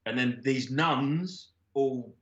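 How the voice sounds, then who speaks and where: A man's voice: medium pitch, takes it slowly, reverberant, dull audio. A man, a comedian guest, rambling through an improvised comic story with swearing. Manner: rambling, swearing, laughing a lot.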